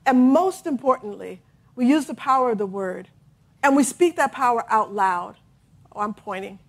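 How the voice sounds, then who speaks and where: A middle-aged woman preaching a sermon with a slightly high, expressive voice. She leads her listeners through repeated affirmations in a call-and-response style and breaks into laughter often. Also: normal speed, gravelly. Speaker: minister.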